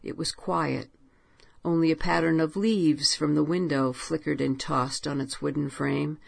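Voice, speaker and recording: Woman reading a creepy story aloud, slow and low, husky gravelly voice. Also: steady tone. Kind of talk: scripted story narration.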